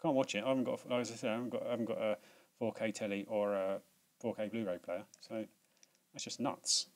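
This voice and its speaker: A man's voice: lowish voice, fairly even intonation, a little fast. A British man hosting a video in casual chat, rambling with many restarts and fillers and laughing at himself. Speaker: video host.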